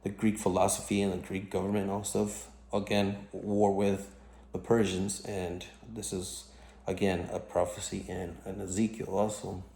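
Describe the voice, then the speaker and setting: A man casually recounting a dream in a halting, rambling way, full of fillers and restarts. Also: low voice, level tone, vocal fry, mellow, reverberant.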